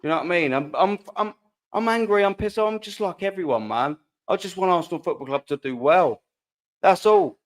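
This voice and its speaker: A man's voice: sits high, fairly quick. Frustrated, chatty man hosting a fan panel. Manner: animated, frustrated, chatty with filler asides. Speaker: host. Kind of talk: football fan panel talk.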